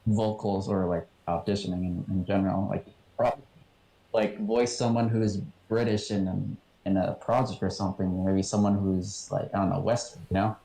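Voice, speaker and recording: A man in college chats on a voice call in a low, mellow voice. He speaks thoughtfully, with pauses and restarts. His voice sounds roomy, with faint music behind. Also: little pitch movement, vocal fry, slight background noise. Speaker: college student, guest on call. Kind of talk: casual chat on a voice call.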